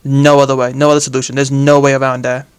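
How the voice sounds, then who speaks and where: A man's voice: medium pitch, quick pace, clear, resonant tone. A man giving a casual, exasperated rant about a video game, swearing and filling his talk with "like". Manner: animated and exasperated, with heavy use of "like" and swearing. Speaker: game commentator.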